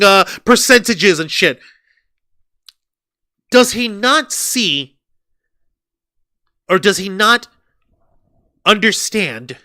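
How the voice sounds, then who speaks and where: Ranting high-voiced man, bright and dry. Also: no echo. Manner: profane, ranting, sarcastic. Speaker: podcast co-host. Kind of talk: heated wrestling review chat.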